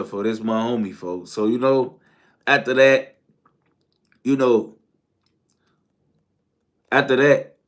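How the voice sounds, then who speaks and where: A man telling a casual story, slang-heavy and profane, jumping from shouted outbursts to low mumbled asides.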